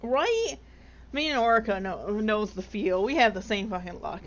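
A woman's voice: mid-range voice, expressive, moderate pace. Chatty woman streamer, slightly muffled. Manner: chatty, laughs often, swears. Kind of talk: casual chat while gaming.

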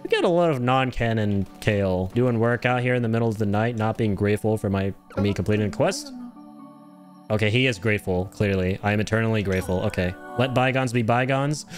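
A man streaming a video game, reacting loudly to his chat, swearing, laughing and yelping in surprise. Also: brisk, soft background music. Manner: excitable, swears, frequent laughs and sudden high yelps.

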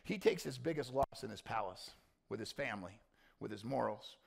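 A male pastor preaching a blunt sermon, dropping to quiet intensity and then rising into loud, mocking quoted voices. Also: on the low side, expressive, brisk, creaky, husky.

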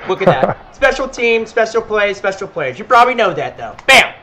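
A young man streaming a football video game, teasing his opponent with playful trash talk between quick play calls. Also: high-pitched, big pitch swings, sharp tone, slight background noise, low-quality recording. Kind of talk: casual gaming stream chat.

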